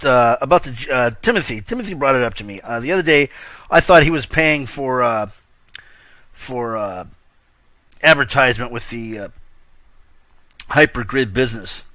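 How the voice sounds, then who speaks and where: A man's voice: mid-range voice, sharp tone, no room sound. A man hosting a casual online news show, hyped and slangy, laughing often and trailing off mid-thought. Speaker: host of a virtual-world news show.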